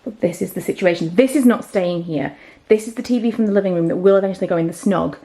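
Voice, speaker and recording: A woman in her thirties, out of breath, chats candidly to camera in a home vlog, sometimes dropping to a whisper. She talks fast with a warm, medium-pitched voice and some vocal fry.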